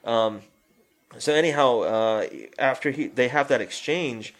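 A man's voice: mid-range voice, unhurried, a bit bright. A man in casual chat, retelling a film scene by scene through quoted lines, with a rambling, profane way of talking.

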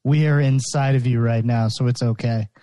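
A man's voice: mid-range voice, fairly even intonation, normal speed, dark tone, dry recording, studio quality. A man hosting a comedy podcast, teasing his co-hosts in playful casual banter. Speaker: podcast host.

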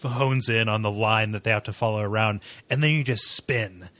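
Male podcast co-host, bright, tense tone, stammers and giggles through casual chat. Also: fairly low pitch, fairly quick. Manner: stammering, giggly, quotes movie lines.

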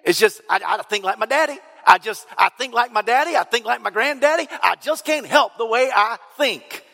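A man's voice: very high voice, expressive, normal speed, creaky, bright, forceful tone, voice pushed up, full character voice. A man voicing a stammering rural man who makes whiny excuses for how he feels and thinks, in a hall with long reverb.

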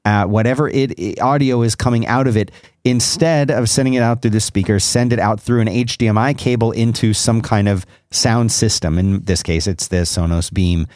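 A man's voice: on the low side, moderate pace, hardly any pauses, darkish tone, dry recording, clean studio sound. A man co-hosting a podcast, explaining gadgets in a rambling, self-correcting casual chat. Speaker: podcast co-host.

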